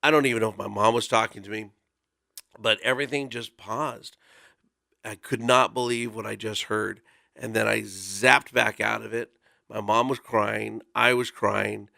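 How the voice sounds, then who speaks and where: Man, 40s, radio guest storytelling, earnest, conversational, bright tense tone, dry close sound. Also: on the low side, fairly even intonation, normal speed, gravelly, no room sound. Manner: earnest, conversational, with frequent fillers. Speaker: volunteer guest speaker.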